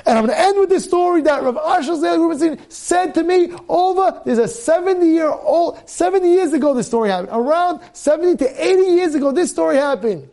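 A man, a rabbi, delivering an impassioned sermon, repeating phrases and breaking into shouted exhortations. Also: very high voice, expressive, brisk, creaky, hardly any pauses.

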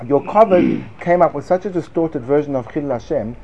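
A man giving a lively Torah class to students, sarcastic and quick to laugh at his own points. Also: fairly high pitch, muffled recording. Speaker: Torah teacher.

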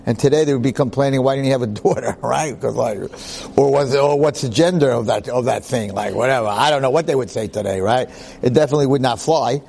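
A man's voice: mid-range voice, a little fast, vocal fry, slight background noise. A man lecturing who tells a personal story conversationally and acts out the people in it. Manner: animated, acts out voices, conversational.

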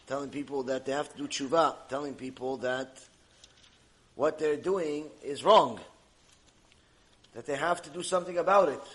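A middle-aged man with a notably high voice delivers a mussar lecture. He rebukes his listeners with animated energy and slips into mocking bits of dialogue to make his point. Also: normal speed, pauses often. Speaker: Torah teacher.

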